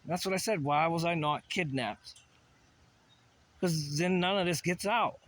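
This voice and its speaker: A man's voice: a little high, measured pace, fairly bright tone. A man ranting in a rambling solo monologue, profane and agitated, full of asides and restarts. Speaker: vlogger.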